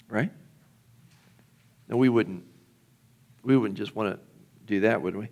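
A man's voice: fairly low pitch, a little slow, pauses often, darkish tone. A middle-aged male pastor preaching a sermon in a conversational way, often asking the congregation questions.

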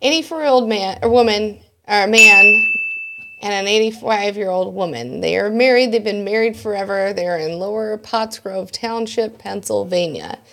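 A woman's voice: medium pitch, moderate pace, pushed and bright, slight background noise. A woman co-hosting a podcast, telling a news story in a loose, profane, laughing way. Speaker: podcast co-host.

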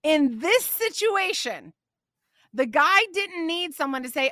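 A middle-aged woman hosts a faith podcast and preaches with emphatic passion, slipping into scripture readings. Her voice is bright and a little high, and it sits close and dry with no room sound around it. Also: big pitch swings, slow, no echo. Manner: emphatic and passionate, getting on a soapbox. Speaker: podcast host.

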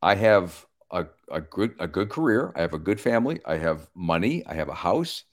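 A middle-aged man, a comedian, chatting on a podcast in an animated, emphatic and profane way. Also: sits low, normal speed. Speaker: comedian guest. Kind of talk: casual podcast chat.

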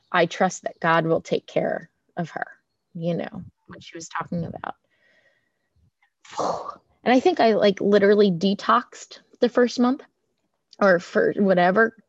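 A woman's voice: medium pitch, a little mellow, dry recording, lo-fi sound. A woman telling her recovery story in a candid, chatty, self-deprecating way, acting out the voices of the people she quotes. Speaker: recovery group speaker. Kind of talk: personal recovery share.

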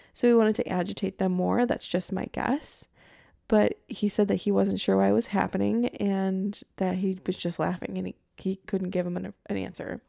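A young woman hosts a podcast and tells a true-crime story in a casual, chatty manner, thinking aloud as she goes. Her voice has a gravelly, creaky edge. Its tone is mellow and dark, at a middle pitch. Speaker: podcast host.

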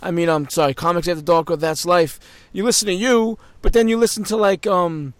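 A man's voice: high-pitched, steady tone, brisk, no room sound. An American man chatting casually on a podcast, crude and slangy, laughing often. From United States. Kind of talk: casual chat.

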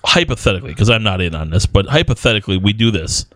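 A man's voice: lowish voice, animated, fast talker, pushed and bright, dry recording. A young man from Wisconsin co-hosting a casual podcast, joking sarcastically and swearing. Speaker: podcast co-host. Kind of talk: casual chat.

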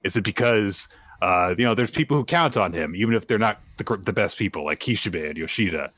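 A man co-hosting a podcast, recapping a comic with lively, swooping delivery. His voice is bright and forceful, recorded close and dry with no room sound. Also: lowish voice, brisk, no echo. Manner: animated storyteller, laughs often. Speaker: podcast co-host. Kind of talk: casual comic recap chat.

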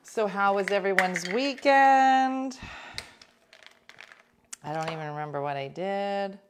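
A woman telling stories to her listeners in casual chat, animated and talkative, sometimes dropping into whispers for asides. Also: medium pitch, slow pace, a little hiss or hum. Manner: chatty, animated, drops into whispers for quoted asides.

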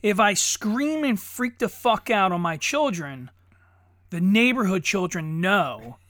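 A man's voice: high-pitched, animated, slow, fairly bright tone, dry recording. A man in his forties co-hosting a podcast, joking crudely and exaggerating for laughs in casual banter. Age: 40s. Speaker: podcast co-host. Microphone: studio mic.

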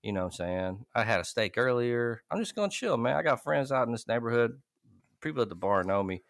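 A man co-hosting a podcast, telling a casual, profane story with lots of laughter and loud quoted lines. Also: medium pitch, a little fast, vocal fry, dry recording. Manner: animated, laughing, loud quoting bursts. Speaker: podcast co-host.

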